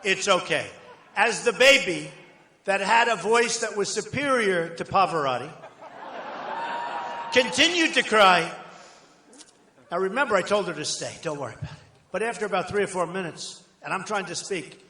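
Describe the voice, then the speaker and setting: With a high voice and sharp tone, a candidate addresses a rally in a large hall. His speech is boastful, repetitive and full of rambling asides, and the hall's echo leaves a long reverb.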